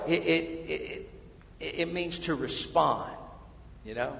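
A man preaching a sermon in an unhurried, measured way, with a gravelly edge to a fairly high voice. He drops into hushed asides, then swells into emphatic, rising lines. The sound is roomy with a long hall echo and a slightly dull tone. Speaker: pastor.

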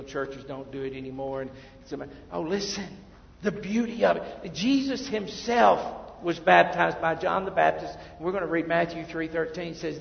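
Gravelly-voiced preacher in an echoey hall. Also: male voice, on the high side. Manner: emphatic preaching, dropping to quiet asides. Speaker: pastor. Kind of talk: sermon. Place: church sanctuary. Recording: muffled, echoey church hall.

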